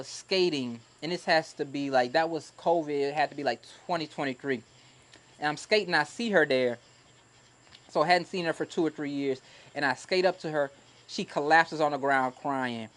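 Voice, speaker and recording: A man who used to teach, co-hosting a podcast and telling a story in a casual, animated and heartfelt way. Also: on the high side. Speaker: podcast co-host, former teacher.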